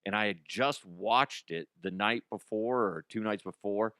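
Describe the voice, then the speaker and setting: A man's voice: fairly low pitch, a little slow, bright, forceful tone, clean tone, no echo, studio quality. A man hosting a comedy podcast in casual, rambling chat, laughing often and swearing. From Colorado. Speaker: podcast host.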